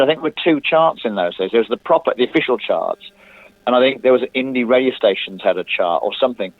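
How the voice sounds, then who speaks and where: A middle-aged man chatting as a guest in an interview, self-mocking and quick to laugh. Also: medium pitch, animated, no room sound. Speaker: guest musician. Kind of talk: casual phone interview. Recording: tinny phone line.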